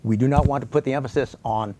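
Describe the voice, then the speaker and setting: A man's voice: mid-range voice, steady tone, quick pace, background noise. An older man promoting an event in a studio interview, plainly announcing dates and details.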